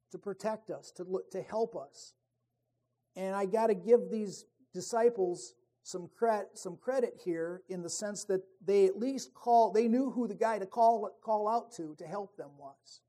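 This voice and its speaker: Guy giving a sermon, chatty, keeps restarting, highish mellow voice. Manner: conversational, with many restarts and asides; reads scripture aloud. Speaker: preacher.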